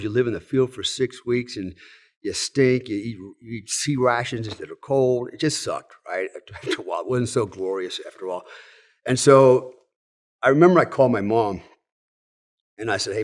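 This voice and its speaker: A middle-aged man from the United States, a former soldier telling stories in a relaxed, casual way, with many fillers and asides. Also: mid-range voice, moderate pace. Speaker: guest, former Delta Force soldier. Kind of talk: casual storytelling.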